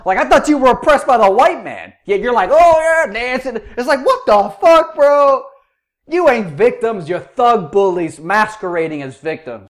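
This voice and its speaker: A man's voice: high voice, fairly bright tone. A man hosting a reaction commentary, ranting angrily and swearing a lot. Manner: angry, profane ranting. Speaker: host.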